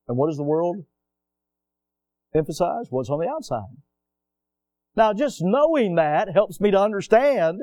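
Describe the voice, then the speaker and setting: Dark-voiced man preaching a sermon. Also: a little high, sing-song, a little slow, no room sound. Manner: preaching with call-and-response questions to the congregation; reads scripture aloud in old-fashioned wording. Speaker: pastor.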